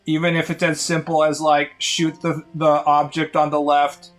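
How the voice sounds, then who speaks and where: A man's voice: a little high, monotone, moderate pace, a bit bright, faint music behind. A man chatting casually on a live stream in a sardonic, rambling way.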